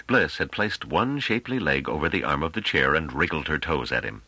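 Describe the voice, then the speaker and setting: A man reading an audiobook as narrator, expressive and scripted. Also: brisk, hardly any pauses, husky, dry recording. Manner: expressive reading with wide swings in pitch.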